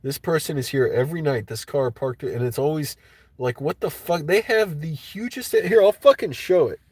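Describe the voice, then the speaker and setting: A man ranting on a casual livestream, swearing freely and getting worked up as he talks. His voice sits a bit higher than most men's, and the sound is close and dry with no room echo. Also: moderate pace, darkish tone, husky. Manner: profane, agitated ranting. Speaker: livestream host.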